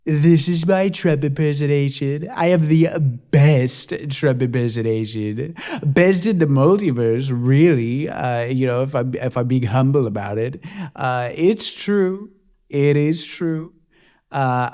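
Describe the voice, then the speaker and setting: A man's voice: medium pitch, mellow, pitched below the performer's own voice, natural voice. A man playing a villain doing a boastful politician impression, bragging and repeating himself.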